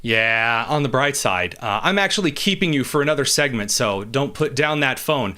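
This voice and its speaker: A man's voice: medium pitch, expressive, moderate pace, sharp tone. Wry man hosting talk radio. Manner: wry and sarcastic, reads listener tweets aloud. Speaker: radio talk show host. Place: radio studio.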